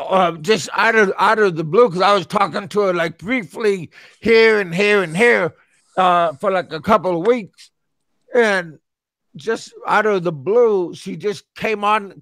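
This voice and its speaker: This is a male show host with a high voice, telling a story casually and stammering, repeating his words again and again. The sound is dry and close, with no room around it. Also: fairly bright tone, no room sound. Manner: talks back to chatters who interrupt him.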